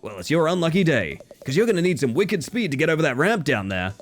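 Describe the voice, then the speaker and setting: Man doing a cocky speed-mad snail champ, brags hard, higher strained voice, game bit. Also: big pitch swings, quick pace, faint music behind. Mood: boastful hype. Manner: boastful hype-man patter, swears. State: voice strained from the put-on.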